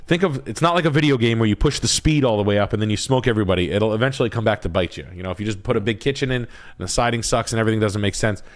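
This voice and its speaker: A man hosting a live stream, rambling in crude, joking talk that comes out in quick bursts. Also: fairly low pitch. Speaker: livestream host, realtor.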